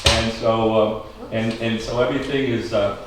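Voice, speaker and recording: A man's voice: lowish voice, fairly even intonation, normal speed, noisy background. A middle-aged man from Maine hosting a local history talk, chatty and joking with his audience and asking them questions. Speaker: historical society host. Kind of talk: casual talk to a small audience. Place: schoolhouse room. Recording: echoey room from far off.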